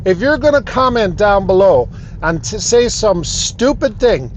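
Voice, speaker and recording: High-voiced man ranting slowly from his car. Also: very animated, slight background noise. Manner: emphatic, indignant ranting with repeated phrases. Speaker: vlogger. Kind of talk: talking to camera.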